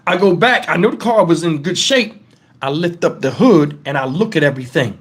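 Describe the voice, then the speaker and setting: High-voiced, heated man. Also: animated, a little fast, slightly rough. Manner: heated, profane, emphatic retelling. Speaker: vlogger. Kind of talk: angry storytime rant.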